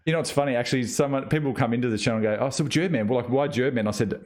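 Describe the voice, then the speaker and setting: A man's voice: mid-range voice, very fast. An Australian man hosting a podcast, joking around in casual banter. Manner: joking, animated. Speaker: podcast host.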